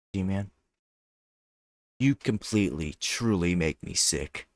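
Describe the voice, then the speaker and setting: A man's voice: sits low, no room sound, clean studio sound, exaggerated voice. A man reading aloud the lines of a lovestruck, possessive teenage girl from a visual novel, moving between teasing and anguish. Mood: bitter. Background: loud game music.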